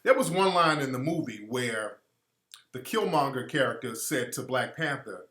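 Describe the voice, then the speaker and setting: Blunt, profane radio host, bright echoey voice. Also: male voice, mid-range voice, normal speed. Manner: blunt, profane and animated, mimics others in quoted voices. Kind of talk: opinionated radio commentary.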